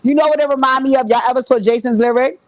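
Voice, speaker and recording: Animated, profane woman recapping a show. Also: high voice, quick pace, no echo. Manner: animated, profane, talks straight to viewers. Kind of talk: casual reality-show recap.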